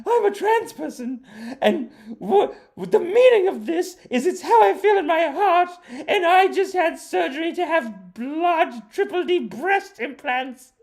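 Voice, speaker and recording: A man putting on a high, shrill falsetto as an indignant woman teacher who shrieks in outrage. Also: expressive, unhurried, faint music behind, full character voice. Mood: outraged.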